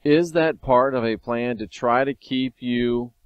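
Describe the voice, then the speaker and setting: A man hosting a casual video monologue, talking wryly and sometimes excitedly as he reads and comments on scripture. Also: mid-range voice, a little slow, smooth, dry recording, dull audio. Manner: conversational, wry, sometimes excited. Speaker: video host.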